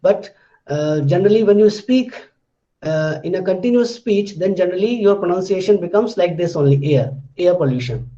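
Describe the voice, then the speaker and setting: A man teaching an online pronunciation lesson, explaining steadily and repeating sample words slowly for his students. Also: sits high, warm tone, highs cut off.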